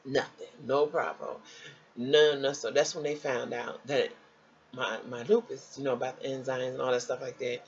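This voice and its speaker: Animated woman telling her story. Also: normal speed, dull audio, slight background noise. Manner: animated, jumps high when quoting others; conversational, addresses viewers as y'all. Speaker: vlogger sharing a personal health story. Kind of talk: casual storytelling to viewers.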